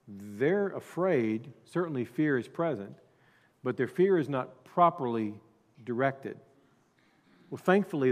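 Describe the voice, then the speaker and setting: A male pastor preaching a sermon, dropping to quiet asides and then rising to loud emphasis. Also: medium pitch, in a large hall.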